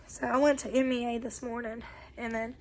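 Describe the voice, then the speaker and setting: A young woman, sick with bronchitis, telling viewers a long story in an animated, exasperated way. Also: a little high, brisk, a little hiss or hum. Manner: animated retelling, exasperated asides. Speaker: family vlogger.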